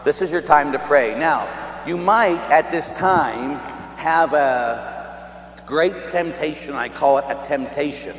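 A man, a priest, preaching a sermon, telling stories and dropping into a hushed, near-whispered tone. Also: a little high, slow pace. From Pittsburgh area. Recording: echoey hall with long reverb.

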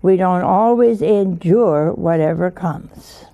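A woman's voice: on the low side, takes it slowly, phone-quality sound. A woman giving an informal sermon, folksy and full of anecdotes, often checking in with her listeners with questions. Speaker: preacher.

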